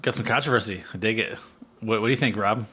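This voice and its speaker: A man's voice: fairly low pitch, fast, sharp tone, slightly rough. An American man co-hosting a podcast, chatting casually and teasing his co-hosts. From United States. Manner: joking, teasing. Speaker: podcast co-host.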